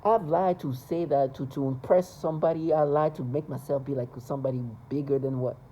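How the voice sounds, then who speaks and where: A man's voice: on the high side, fairly even intonation, fairly quick, dark tone, low-quality recording. A man talking to camera in a rambling, agitated monologue, repeating himself and stumbling over restarts.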